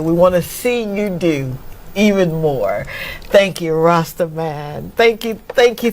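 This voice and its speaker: A woman talk show host from Mississippi, emotional and laughing often as she thanks her audience. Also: on the low side. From Mississippi, USA. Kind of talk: casual chat.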